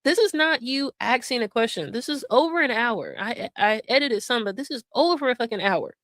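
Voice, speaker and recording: A woman's voice: on the high side, animated, brisk, a bit bright, no echo. Sarcastic woman commentating with a dry sound. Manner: sarcastic, laughing, mimics others. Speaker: drama commentary host. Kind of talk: mocking commentary over stream clips.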